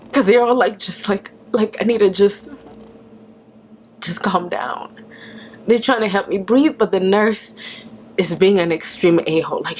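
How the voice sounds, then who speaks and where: A woman retelling a painful experience, halting and restarting, with whispered quotes. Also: mid-range voice, a little hiss or hum. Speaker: vlogger. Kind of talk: emotional personal story.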